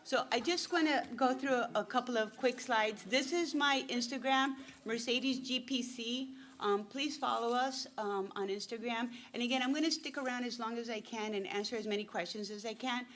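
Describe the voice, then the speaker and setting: A woman's voice: fairly high pitch, moderate pace, few pauses, fairly bright tone. A woman giving a casual, joking workshop talk as a retail buyer and consultant. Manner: chatty, joking storyteller.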